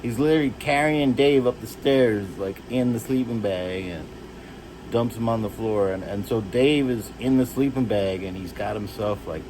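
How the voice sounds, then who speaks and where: Rambling man with a low voice. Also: slight background noise, rough recording. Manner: rambling, halting, restarts and jumps between stories; shouts and jumps high when acting out others. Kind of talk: rambling personal storytelling.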